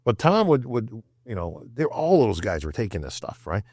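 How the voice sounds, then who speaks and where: A man's voice: fairly low pitch, moderate pace, dry recording, studio quality. An older man from upstate New York telling casual stories as a podcast guest, acting out quotes and often asking "right?". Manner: animated, acts out quotes, says "bro" and "right?". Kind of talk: casual storytelling.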